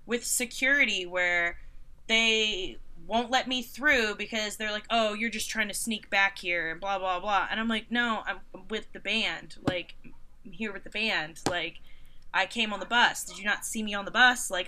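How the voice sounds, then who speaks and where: Speaking at a moderate pace with a medium-pitched voice, a concert photographer in her thirties shares stories in a relaxed interview. She leans on lively sarcasm and mocks people by voicing their quotes.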